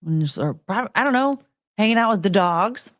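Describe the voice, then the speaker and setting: Her voice sits in the mid range with lively intonation as this woman chats casually with her live-stream audience at a moderate pace. She rambles, giggles and often interrupts herself, and the studio sound is clean, with no room sound.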